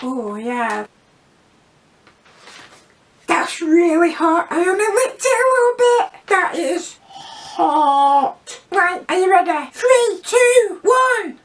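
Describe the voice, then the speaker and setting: Squeaky childlike voice. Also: female voice, big pitch swings, takes it slowly, pauses often, heavily acted. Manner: exclaiming, reacting to food. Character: squeaky childlike character voice, chirpy. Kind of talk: food challenge vlog. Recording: distant mic, faint background noise.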